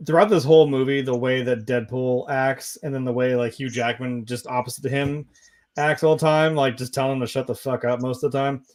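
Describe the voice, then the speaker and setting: A man's voice: mid-range voice, steady tone, fairly quick. A man in a casual movie review chat, laid-back and laughing, with plenty of swearing. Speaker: podcast co-host.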